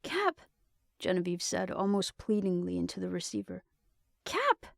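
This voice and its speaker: A woman voicing a fierce young female soldier leader who shouts in frantic urgency in a storybook reading. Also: on the low side, fairly even intonation, moderate pace, gravelly, no echo, clean studio sound.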